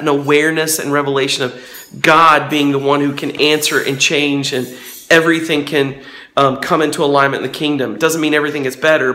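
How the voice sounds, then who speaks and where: A man's voice: a little high, heavy reverb. A man, a pastor, talking casually and earnestly about faith in a devotional vlog, recorded on a porch. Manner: earnest and excited, preacherly. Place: on a front porch.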